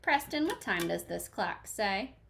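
Woman teacher, picture-book read-aloud, lively swinging pitch, encouraging, asks questions. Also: a little slow, creaky, slight background noise. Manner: questioning, encouraging, addressing children by name.

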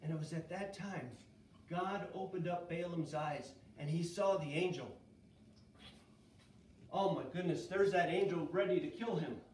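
A man's voice: on the high side, a little slow. A man teaching children's church, telling a Bible story with energy and asking the kids questions. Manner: lively, asks kids questions. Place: church kids' room. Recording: echoey room, far from mic, faint noise.

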